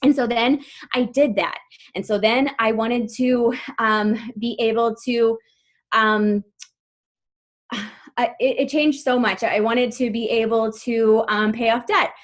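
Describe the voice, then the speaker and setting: A woman's voice: on the high side, fairly even intonation, takes it slowly. Upbeat woman coaching her team. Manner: upbeat, emphatic, laughs often. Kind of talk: motivational team call talk.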